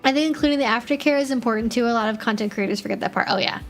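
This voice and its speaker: Young woman streamer, slightly high voice, loose chatty delivery with faint music under it. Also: very fast. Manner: chatty, reads chat aloud, frequent fillers and restarts. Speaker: stream host answering chat questions. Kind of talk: casual live-stream chat.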